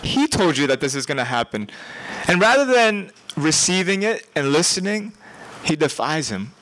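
Young man, preacher, casual animated sermon, emphatic repeats, faint noise behind. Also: a little high, normal speed, poor audio. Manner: conversational, animated, with laughs and emphatic repetition.

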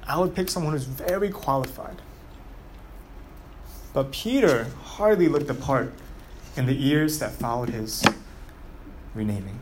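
Man preaching with animated storytelling. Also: medium pitch, a little slow, long pauses, slight background noise. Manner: animated storytelling with rhetorical questions to the audience. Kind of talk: sermon.

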